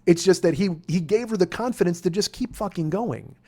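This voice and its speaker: A man's voice: sits high, a little fast. A man in his forties hosting a podcast, telling a rambling, profane story in casual storytelling. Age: 40s. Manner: profane, rambling, gets worked up and shouty. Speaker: podcast host.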